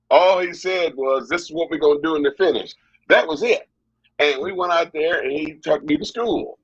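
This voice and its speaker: A middle-aged man, a wrestling guest, telling long animated stories in an interview and often repeating himself. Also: a little high, breathy edge, no room sound, highs cut off. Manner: animated, repetitive storyteller. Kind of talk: storytelling interview.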